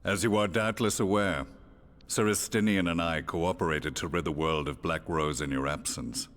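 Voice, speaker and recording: A grave, deep-voiced old warrior. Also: male voice, fairly even intonation, a bit bright. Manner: formal, measured. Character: stern older imperial warrior man, grave. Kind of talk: game cutscene voice acting.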